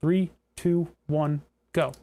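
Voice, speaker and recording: A man's voice: on the high side, steady tone, slow pace, warm tone. A young man hosting a livestream, talking through electronics troubleshooting, muttering and swearing as things go wrong. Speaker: livestream host. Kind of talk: casual livestream electronics tinkering.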